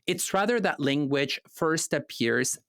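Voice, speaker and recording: A man's voice: on the high side, expressive, unhurried, vocal fry, a bit bright, no echo, clean studio sound. A man co-hosting a casual philosophy podcast, explaining ideas at length and laughing easily. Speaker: podcast co-host.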